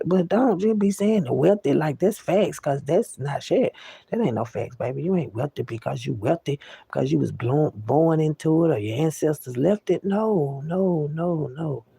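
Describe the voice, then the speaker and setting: A woman's voice: low-pitched, expressive, normal speed, gravelly, warm tone, breathy edge, no echo. A woman delivering an unscripted monologue rant to the camera, profane and preachy, with repeated words for emphasis, often calling listeners "baby.". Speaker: vlogger.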